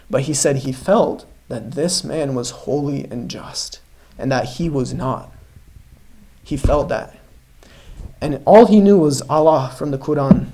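A man's voice: on the high side, low-quality recording. A man preaching a sermon, telling a story earnestly and emphatically, calling his listeners brothers and sisters. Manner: earnest, emphatic storytelling, swings between loud stresses and hushed lines.

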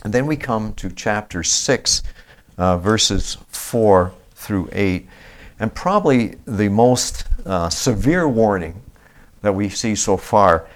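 A man, an elder of a small church, preaching a sermon, reading scripture slowly and with emphasis, then explaining it in plain talk with fillers and restarts. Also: lowish voice, animated. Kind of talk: expository sermon.

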